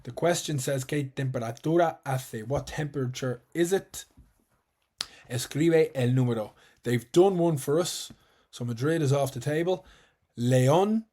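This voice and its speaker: Man, Irish accent, live online tutor, patient and clear, repeats words slowly, mid-pitched voice. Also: a little mellow. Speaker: teacher. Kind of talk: online exam-prep lesson.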